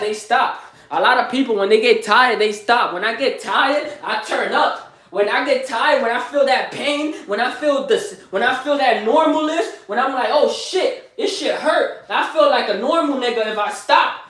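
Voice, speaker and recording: A man's voice: very high voice, moderate pace, fairly bright tone, heavy reverb. A young man boasting in street slang, repeating himself and firing questions at the listener in a live motivational vlog. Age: young adult. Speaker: motivational vlogger.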